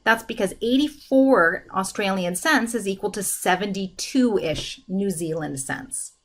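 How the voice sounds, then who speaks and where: A woman talks through a recorded math lesson at her computer, explaining each step steadily. Her voice sits at an ordinary middle pitch, recorded close at a desk microphone. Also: a little slow. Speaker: math instructor. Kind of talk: screen-recorded lesson, working through problems.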